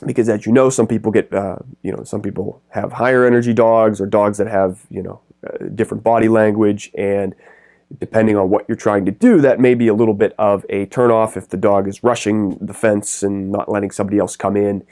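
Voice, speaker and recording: A middle-aged man coaching pet business owners straight to camera, talking in quick, energetic, rambling bursts. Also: lowish voice. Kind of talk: direct-to-camera business advice.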